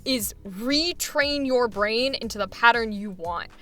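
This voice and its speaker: A woman's voice: a little high, a little slow, bright, forceful tone, faint music behind. A woman coaching a voice actor, enthusiastic and encouraging, often laughing as she gives feedback. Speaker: voice acting coach.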